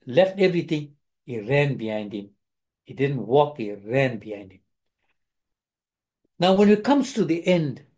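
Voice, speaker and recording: A man's voice: medium pitch, mellow. A male preacher giving a sermon, telling a scripture story with many restarts and repeated phrases, and voicing the quoted figures himself.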